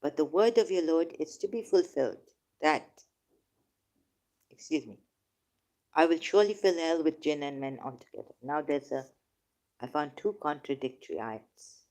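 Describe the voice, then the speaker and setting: A woman hosting a casual livestream, reading scripture passages aloud and commenting on them emotionally, swinging from quiet musing to emphatic outbursts. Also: low voice, normal speed, long pauses. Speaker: online talk host.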